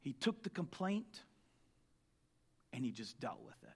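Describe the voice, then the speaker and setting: A man preaching a sermon, telling the story with lively jokes and asides. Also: medium pitch, measured pace, vocal fry, husky. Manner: animated storytelling, joking asides.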